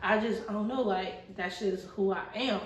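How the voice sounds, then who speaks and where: A woman in her twenties guests on a podcast, speaking at medium pitch with a steady tone and moderate pace. She tells stories in casual, slangy chat and acts out the voices of the people in them. The mic sits at a distance, so the recording has a roomy echo and faint ambience.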